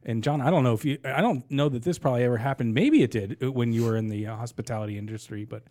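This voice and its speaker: A man's voice: mid-range voice, fast talker, dark tone. Male podcast co-host, mid voice, rambling casual chatter. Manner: rambling, lots of yeahs and restarts.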